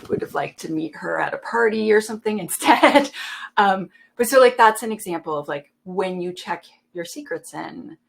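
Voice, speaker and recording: A woman on a panel, chatting casually and telling animated stories in which she acts out the dialogue. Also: fairly low pitch, moderate pace, creaky.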